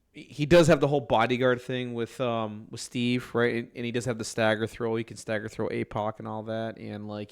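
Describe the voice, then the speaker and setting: A man's voice: mid-range voice, clean tone. A man co-hosting a casual gaming podcast, talking hesitantly with many ums. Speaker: podcast co-host.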